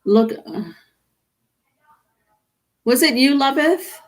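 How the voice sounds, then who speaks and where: A woman's voice: on the high side, takes it slowly, long pauses. Chatty woman tarot reader live. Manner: chatty, reads comments aloud, calls viewers honey. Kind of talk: live-stream tarot reading, chatting with viewers.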